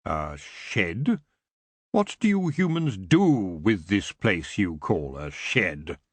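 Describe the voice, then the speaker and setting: A man doing a smooth, languid elf king. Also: low voice, very animated, takes it slowly, dry recording, pitched below the performer's own voice, exaggerated voice. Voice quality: smooth, lazy drawl. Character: tall antlered elf king, languid, cruel.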